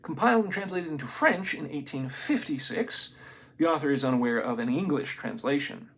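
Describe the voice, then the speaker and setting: Gravelly-voiced man reading aloud casually. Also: a little high. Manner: reads haltingly, stumbles on names, adds excited asides. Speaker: amateur reader of a book.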